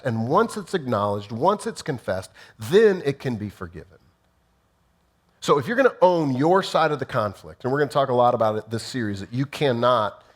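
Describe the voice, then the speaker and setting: A male pastor delivering a conversational sermon, emphatic and full of rhetorical questions. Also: medium pitch.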